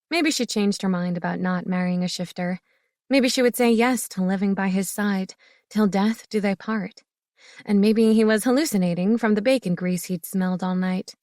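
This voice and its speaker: A woman reading an audiobook narration in a steady, expressive way. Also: mid-range voice, no room sound, clean studio sound. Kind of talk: scripted narration.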